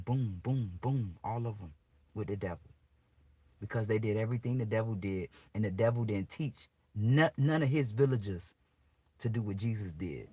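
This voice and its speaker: A man preaching and swearing into his phone on a live stream from the street, his pitch swinging up and down with agitation. The sound is dry and close, with almost no room echo. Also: husky. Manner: preachy, profane, agitated rant. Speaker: vlogger. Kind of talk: ranting live video. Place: outdoors on a street.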